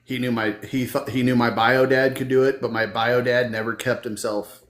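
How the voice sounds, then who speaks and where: Hosting a podcast in an echoey room with a faint hiss, a man speaks at normal speed in a medium, slightly bright voice with little pitch variation. In casual conversation, he reads out a listener question and tells an earnest personal story.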